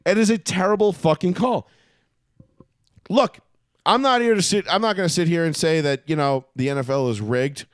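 A man's voice: fairly high pitch, moderate pace, smooth, dry recording, studio quality. Heated, profane man on sports talk. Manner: heated, profane, animated storytelling. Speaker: podcast co-host. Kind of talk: casual sports chat.

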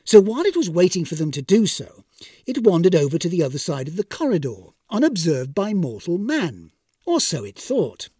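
Wry, lively male storyteller. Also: high-pitched, normal speed, husky, dry recording, studio quality. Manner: wry, expressive comic narration. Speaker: narrator. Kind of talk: storybook reading.

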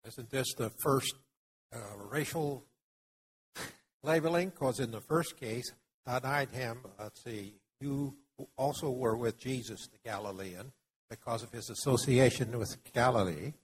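A man's voice: mid-range voice, a little slow, rough recording. A man in a church Bible study group asking a thoughtful question into a passed-around microphone. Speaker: congregation member.

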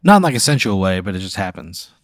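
A man's voice: low-pitched, big pitch swings, quick pace, dry recording, clean studio sound. A man co-hosting a comedy podcast, rambling through an absurd improvised hypothetical. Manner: rambling, building an absurd scenario.

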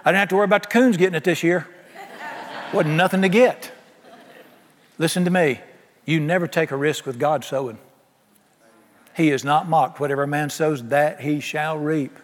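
Folksy preacher in a reverberant hall. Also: male voice, a little high, moderate pace, long pauses. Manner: folksy, animated preaching with acted-out quotes. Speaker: pastor. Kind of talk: sermon.

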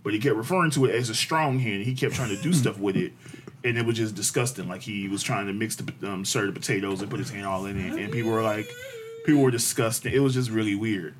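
A man co-hosting a podcast, telling family stories in a casual, animated way, swearing freely and laughing often. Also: on the low side, fast talker, background noise. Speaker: podcast co-host. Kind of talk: casual chat.

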